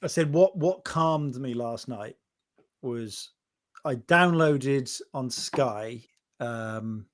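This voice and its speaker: A man's voice: mid-range voice, drawn-out words. A man co-hosting a casual podcast chat, talking in a blunt, jokey, sweary way. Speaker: podcast co-host.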